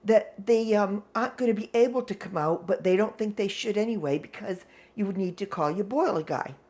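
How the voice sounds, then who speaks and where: A woman quoting a male call-center agent in a slightly lowered voice. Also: brisk, a little mellow, close to an everyday voice. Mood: matter-of-fact.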